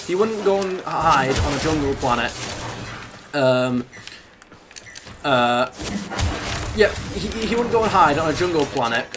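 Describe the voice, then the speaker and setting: A young man streaming a game, chatting casually in a rambling, halting way. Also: a little high, animated. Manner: rambling, halting, talks over gameplay. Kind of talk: casual gaming stream chat. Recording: noisy background.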